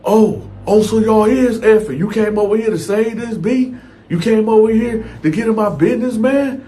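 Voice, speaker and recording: A man's voice: mid-range voice, fairly quick, soft background music, close to an everyday voice. A man voicing a jealous, insecure husband who keeps firing accusing questions in slangy street talk. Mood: taunting.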